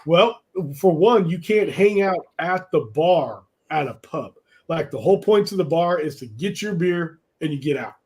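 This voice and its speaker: A man's voice: fairly high pitch, animated, moderate pace, darkish tone. Rambling, filler-heavy male podcast co-host. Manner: rambling, storytelling, many fillers. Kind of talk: casual chat.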